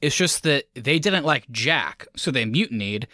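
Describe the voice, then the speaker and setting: A man co-hosting a casual movie podcast, talking with animated enthusiasm and frequent laughter. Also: medium pitch, a little slow, no room sound, studio quality. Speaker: podcast co-host.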